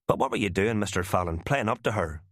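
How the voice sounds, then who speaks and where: A man's voice: lowish voice, lively intonation, fast, fairly bright tone, dry recording, clean studio sound. Man doing a cheeky, impudent sidekick. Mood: teasing. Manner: impudent, teasing.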